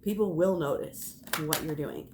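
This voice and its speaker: Young woman tarot host, low-pitched, emphatic and fervent, faint background hiss. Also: expressive, normal speed. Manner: fervent and emphatic, swearing and laughing. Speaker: tarot reader. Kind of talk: spiritual pep talk to camera.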